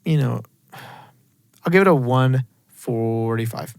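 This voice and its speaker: A man's voice: mid-range voice, slow, gravelly, clear, resonant tone, no room sound. A young man co-hosting a podcast, giving blunt, emphatic opinions in casual chat. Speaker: podcast co-host. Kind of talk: casual movie review chat.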